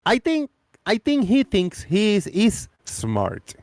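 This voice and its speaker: A man's voice: high voice, wildly swooping pitch, slow, dry recording, studio quality. Man hosting a live stream. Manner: rambling, restarts and repeats phrases. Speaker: host. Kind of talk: live-stream debate chat.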